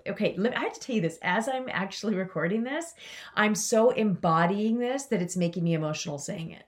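A woman's voice: medium pitch, lively intonation, a little fast. A woman hosting a motivational podcast, talking to her listeners in an enthusiastic, chatty way. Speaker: podcast host and coach.

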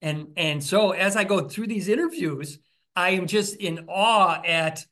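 A man with a bright, forceful voice speaks as a guest in an interview. He talks with eager enthusiasm and leans on stories to make his point, often stumbling and restarting his sentences. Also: sits high, animated, measured pace. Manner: enthusiastic, storytelling, frequent restarts. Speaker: author and podcast host, interview guest. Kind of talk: conversational interview.

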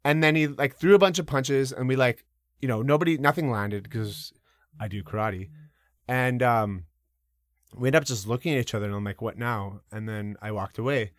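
Animated man telling stories. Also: medium pitch, normal speed, no echo, clean studio sound. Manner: animated, many fillers, casual swearing. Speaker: podcast guest. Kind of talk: casual storytelling.

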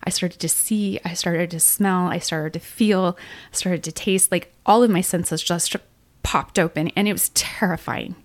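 A woman's voice: fairly low pitch, fairly even intonation, measured pace, dry recording. A middle-aged woman, a podcast co-host, telling a painful personal story in earnest detail. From Utah. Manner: earnest, emotional retelling with quoted dialogue.

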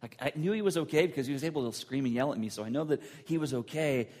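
A man's voice: mid-range voice, fast talker, darkish tone. A man preaching a sermon as pastor, telling a personal story in an earnest way.

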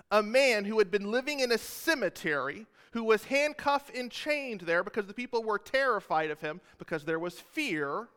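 A man's voice: very high-pitched, sharp tone, clear, resonant tone, in a large hall. A man preaching a sermon as a pastor, retelling scripture in a casual way with joking asides to the congregation.

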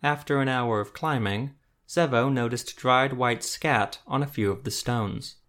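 A male narrator reading a fantasy tale in a mid-range voice. His delivery is steady and even, paced for listening. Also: mid-range voice, measured pace. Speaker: audiobook narrator. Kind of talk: scripted narration.

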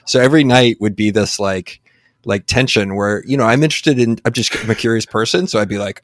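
A man's voice: fairly low pitch, fairly quick, dry recording, clean studio sound. A man in his late forties from San Antonio, talking casually as a guest, rambling with many fillers and restarts. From San Antonio, Texas. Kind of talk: casual conversation.

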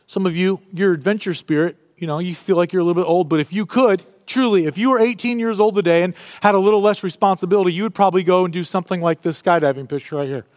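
A male pastor preaches to a congregation in a lively, joking and conversational way. His voice sits high for a man, and his pitch rises and falls freely. The sound is close and dry. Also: dry recording. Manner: animated, humorous, conversational preaching. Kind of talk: sermon. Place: church before a live congregation.

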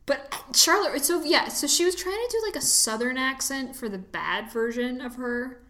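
A woman chatting casually as a film podcast co-host, her voice pitched a bit high and bright with a forceful edge. She talks in loose, filler-heavy runs. The sound carries a noticeable room echo. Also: normal speed. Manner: chatty, lots of fillers, animated swings in pitch. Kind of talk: casual chat. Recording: echoey room.

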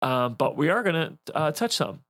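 A man's voice: fairly high pitch, very animated, normal speed, fairly bright tone, no echo. Hesitant, wry man pastor co-host. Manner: hesitant, many ums and restarts, dry humor. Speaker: lead pastor, podcast co-host. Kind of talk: casual chat.

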